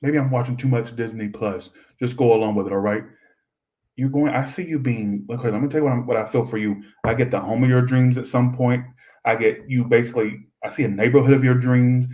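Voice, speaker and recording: A man's voice: medium pitch, fairly even intonation, brisk, a little mellow, poor audio. Young male tarot reader on a live stream: chatty and rambling, swears freely, ordinary mid-range voice.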